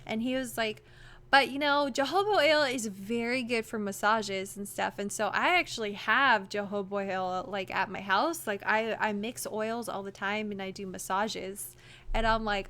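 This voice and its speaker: A young woman vlogging, telling a story to her camera in a chatty, animated way full of "like" fillers. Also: mid-range voice, normal speed, clear, resonant tone. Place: home room, wearing a costume.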